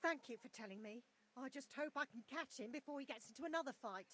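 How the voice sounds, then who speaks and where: An exasperated village wife. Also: female voice, sits high, expressive, quick pace, noisy background. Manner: exasperated, anxious. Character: worried village wife, sharp-tongued. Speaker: game character. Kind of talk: video game voice acting.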